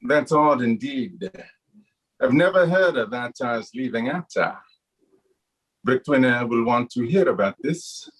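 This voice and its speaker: A man voicing a stern, husky male official. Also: mid-range voice, lively intonation, measured pace, fairly bright tone, low-quality recording. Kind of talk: voice acting read in a recording session.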